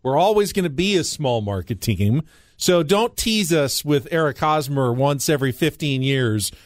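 A man's voice: a little high, expressive, moderate pace, dry recording. A man hosting a sports talk radio show, who reads station promos and call-in numbers and then chats freely with his co-hosts into a studio microphone.

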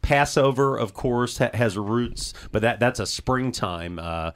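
A male radio host runs a quiz with his co-host, his pitch rising and falling a lot as he talks. He explains Bible and history answers at length in a chatty way. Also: animated, measured pace. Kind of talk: casual chat, hosting a quiz.

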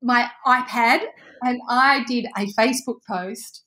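Animated woman telling a story. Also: fairly high pitch, unhurried. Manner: animated, acts out quoted voices, laughs often. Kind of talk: casual storytelling.

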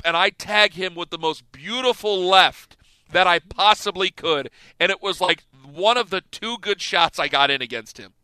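A man in his thirties hosting sports radio, telling a story in a casual, animated way and acting out the scenes. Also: high-pitched, smooth, no echo. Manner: animated, laughing storyteller who acts out scenes.

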